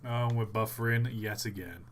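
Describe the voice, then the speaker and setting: A man's voice: on the low side, moderate pace, a little hiss or hum. A man hosting a live stream, tired and yawning, giving dry, sarcastic running commentary on pictures with groans of disbelief. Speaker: livestream host.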